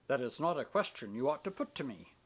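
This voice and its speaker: A man's voice: medium pitch, big pitch swings, a little fast, breathy edge. A man voicing a proud, stern middle-aged minister who reproaches his daughter with irony in an audiobook. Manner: stern, ironic, authoritative. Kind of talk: audiobook character reading.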